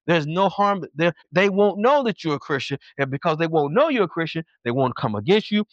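A man preaching a sermon with fervent emphasis, sometimes rushing and sometimes drawing his words out slowly. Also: fairly high pitch, expressive, dry recording, dull audio. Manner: fervent, emphatic, shifts between fast bursts and slow drawn-out lines.

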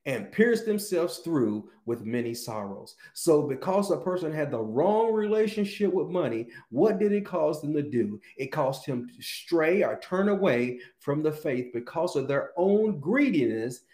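Man preaching a sermon, dark mellow voice, repeats phrases, roomy echo. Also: on the high side, very animated. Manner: drawn-out emphatic reading of scripture, repeating phrases.

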